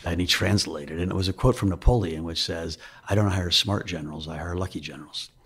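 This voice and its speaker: A man's voice: brisk, slightly rough. A man in his fifties, a guest investor in a podcast interview, talking candidly and telling stories with frequent restarts. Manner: candid storytelling, animated with pitch lifts and mid-sentence restarts.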